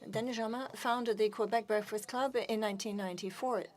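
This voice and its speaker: A woman co-hosts a youth forum on stage. She reads the speaker introductions in a formal, measured way. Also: on the high side, steady tone. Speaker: forum co-host. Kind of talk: reading introductions. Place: science centre stage.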